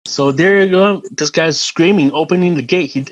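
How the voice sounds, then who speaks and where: A middle-aged man, a podcast guest, telling a story in a casual, animated way, laughing and swearing freely and often repeating words. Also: a little high, brisk, hardly any pauses, a little hiss or hum, low-quality recording.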